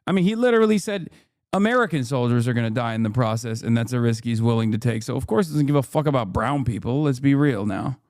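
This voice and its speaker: A man's voice: mid-range voice, fast talker, darkish tone, no echo. A man in his thirties doing live political commentary as a streamer, sarcastic and profane, ranting on a close mic.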